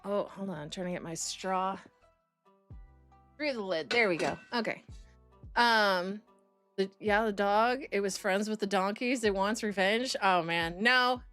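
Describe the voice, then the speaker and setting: A young adult woman streams live, reacting to videos and reading her chat as she rambles casually and laughs often. Her mid-range voice is fairly bright and a little slow, with faint music in the background.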